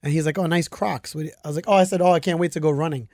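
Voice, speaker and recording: A man's voice: fairly high pitch, rapid-fire, no room sound, clean studio sound. A man casually telling a story to a host, acting out the people in it. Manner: animated, acts out the people in his story.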